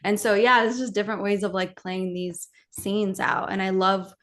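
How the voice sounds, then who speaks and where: A woman actress talking casually in an interview, animated and rambling, with many fillers and restarts. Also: mid-range voice, normal speed.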